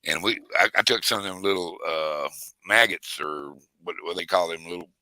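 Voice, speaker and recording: A man's voice: sits low, moderate pace, pushed and bright, dry recording, poor audio. A man telling a rambling fishing story in casual chat, with lots of restarts. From Texas. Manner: rambling, drawling, many restarts.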